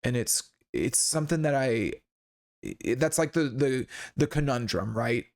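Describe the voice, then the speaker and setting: A man's voice: medium pitch, expressive, measured pace. A man hosting a casual song breakdown, talking in a laid-back, rambling way with lots of fillers and restarts. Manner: laid-back and candid, with occasional swearing. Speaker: songwriting channel host.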